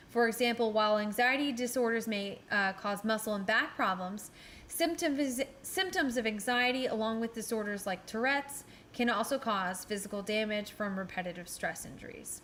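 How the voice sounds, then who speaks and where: A woman's voice: fairly high pitch, fairly bright tone, slight background noise. A woman co-hosting a casual podcast chat, blunt and swearing freely, laughing now and then as she talks. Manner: blunt, swears often, laughs mid-sentence. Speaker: podcast co-host.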